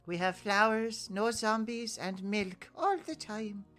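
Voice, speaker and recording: A woman voicing a sly, scheming woman who sweet-talks a hippie into joining her side, in slow, coaxing in-game role-play. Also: mid-range voice, expressive, a bit bright.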